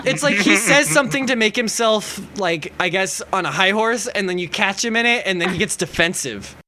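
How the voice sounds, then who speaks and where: A young man chatting casually, telling stories with lots of swearing and getting loud when he retells arguments. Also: sits high, a little hiss or hum. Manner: animated storyteller, swears a lot, gets loud and rapid retelling arguments. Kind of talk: casual chat.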